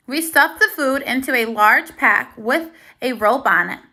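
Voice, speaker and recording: A recorded reading lesson for young learners is led by a woman teacher whose voice is high. Her pace is slow, her words are clear, and she cheers the children on with lively praise.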